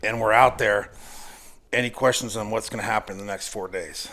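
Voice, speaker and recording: An American man in his forties with a fairly low voice tells profane stories in casual chat. He talks with animation and laughs through his own punchlines. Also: steady tone, brisk, sharp tone. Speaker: guest firearms instructor.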